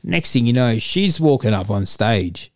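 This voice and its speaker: A man's voice: mid-range voice, animated, unhurried, a little mellow, no room sound, studio quality. A man, rambling through a crude anecdote and acting out the people in it. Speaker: storyteller guest. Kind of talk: casual podcast chat.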